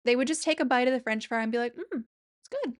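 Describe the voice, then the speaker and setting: A woman's voice: a little high, very fast, clean tone. A woman hosting a casual commentary video, chatting in an exasperated way with bursts of mock-dramatic emphasis. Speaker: commentary host.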